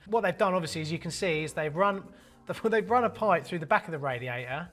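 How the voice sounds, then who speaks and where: A man's voice: fairly high pitch, fairly quick, a bit bright. A man hosting a plumbing channel, talking through photos in a cheeky, joking way with crude banter. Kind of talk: casual jokey commentary. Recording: faint background music.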